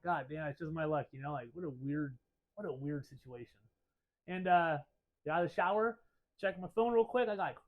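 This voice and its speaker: A man with a slightly high voice tells a story straight to camera. He is animated and a bit profane, and he acts out both sides of his phone calls as he goes. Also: poor audio. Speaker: shop owner telling a story.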